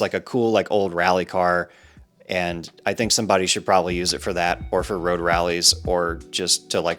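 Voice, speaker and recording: A man's voice: low-pitched, a bit bright. A man casually talking to camera about his cars, rambling and laughing at himself. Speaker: car vlogger.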